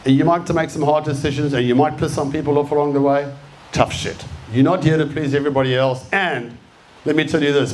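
An Australian man in his fifties giving a live motivational talk, blunt and punchy, swearing freely as he rouses the room. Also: a little high. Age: 50s. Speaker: speaker. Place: event venue with an audience.

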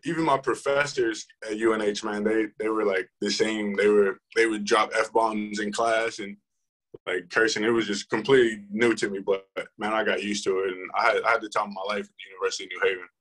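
A man's voice: on the low side, little pitch movement, a little fast, fairly bright tone, rough recording. A young man, a football player, telling his story in a casual interview, rambling with many fillers and restarts.

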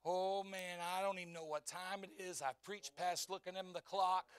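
A man in his fifties preaching a sermon in church, telling a story in hushed tones and then building to fervent shouts. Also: high voice, steady tone, moderate pace, smooth, no room sound. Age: 50s.

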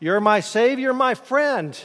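Pastor guy preaching, pretty high voice, folksy, asks the room stuff, big echo in the church. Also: expressive, takes it slowly, fairly bright tone. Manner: folksy, asks the congregation questions. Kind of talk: conversational sermon. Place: church sanctuary. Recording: reverberant church hall.

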